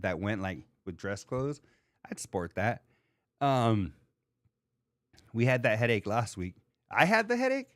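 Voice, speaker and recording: A man hosting a podcast in casual chat, rambling and excitable, with lots of filler words as he answers his live chat. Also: on the low side, no echo, clean studio sound. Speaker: podcast host.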